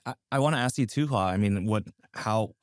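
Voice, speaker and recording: A man hosting a podcast interview, asking questions in a soft-spoken, hesitant way. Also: lowish voice, a little fast, no echo, clean studio sound. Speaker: podcast host.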